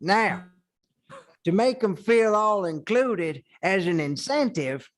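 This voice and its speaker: A man plays a folksy, clueless coach with a put-on drawl, speaking slowly in a raised pitch. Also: lively intonation. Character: clueless male Texas football coach.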